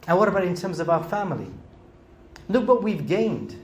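A man's voice: high-pitched, sing-song, normal speed, long pauses, echoey room, a little hiss or hum. A middle-aged man with a British accent giving a sermon, asking earnest rhetorical questions and pressing to emphatic peaks. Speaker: speaker.

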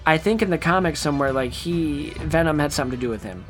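Animated man in casual podcast chat. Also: a little high, fast talker, over music. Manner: animated, acts out scenes in voices. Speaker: podcast co-host.

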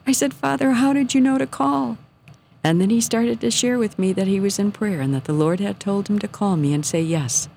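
A woman telling a personal faith story on a radio show, earnest and sometimes hushed. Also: mid-range voice, a little fast, few pauses, slight background noise. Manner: earnest, drops to a soft hush at moments. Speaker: guest telling her story.

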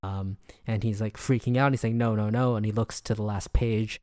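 A man's voice: on the low side, fairly even intonation, moderate pace, darkish tone, dry recording, clean studio sound. A man co-hosting a podcast, retelling a TV episode in a rambling, casual way full of fillers. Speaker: podcast co-host.

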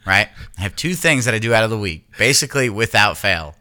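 A man in his thirties co-hosting a podcast, telling profane, animated stories with laughs in casual chat. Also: fairly low pitch, fairly quick. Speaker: podcast co-host.

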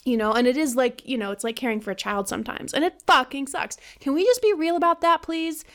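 A woman's voice: high voice, fast, a bit bright. A woman ranting casually to her viewers in a blunt, profane, rambling way, full of fillers and swearing. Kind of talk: casual rant to camera.

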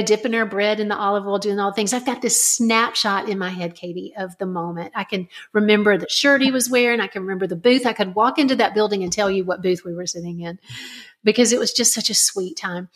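Middle-aged mom author chatting on a podcast, earnest storyteller, mid-pitched voice. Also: female voice, brisk. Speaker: guest, parenting author. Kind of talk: conversational storytelling.

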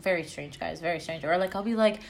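A woman's voice: fast talker, vocal fry, a crowd in the background. A young woman and mother chatting casually on a vlog, telling childhood stories and acting out the voices. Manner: animated storyteller, acts out voices with big pitch jumps. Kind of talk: casual chat.

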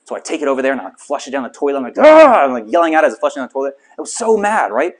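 A middle-aged man preaching a sermon, telling a story with lively, self-mocking humor to a small congregation. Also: medium pitch, very fast. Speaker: pastor.

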